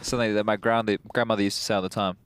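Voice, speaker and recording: A man's voice: lowish voice, level tone, rapid-fire, slight background noise. A man casting a live esports match, playful and teasing as he steers the banter. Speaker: esports caster.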